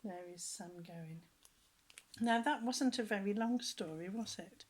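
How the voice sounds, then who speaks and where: Slow, gentle woman reading a storybook. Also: mid-range voice, breathy edge, rough recording. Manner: gentle, chatty asides, some lines whispered. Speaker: reader of children's books. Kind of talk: reading a picture book aloud to children.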